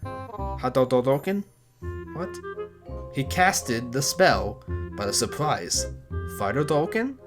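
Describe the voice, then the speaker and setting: A man's voice: medium pitch, very animated, takes it slowly. A man reading a bad fanfic aloud with sarcastic, exasperated comic asides. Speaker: comedy reviewer reading fanfic. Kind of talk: mocking commentary on a reading. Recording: music playing behind.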